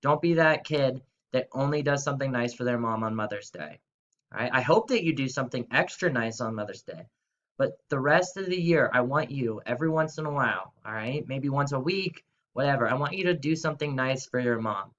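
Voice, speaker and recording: Young male teacher, chatty video lesson for kids, mid-pitched, slightly muffled recording. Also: animated, a little fast, fairly bright tone. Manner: upbeat, chatty, talks straight to kids. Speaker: third-grade teacher.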